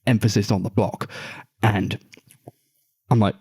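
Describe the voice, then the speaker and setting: A young man tells stories in a low, gravelly voice. He talks casually, swears freely and acts out the other people in his stories. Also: moderate pace. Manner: swearing, animated storytelling. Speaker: podcast co-host. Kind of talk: casual chat.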